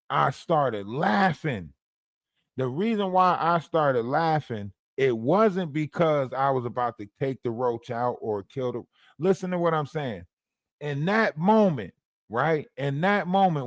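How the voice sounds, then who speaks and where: A man hosting a livestream tells a story with lots of animation, his pitch climbing and dropping as he goes. He checks in with the chat again and again. The sound is close and dry. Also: no echo. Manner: animated, keeps asking the chat "you hear me?". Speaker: livestream host.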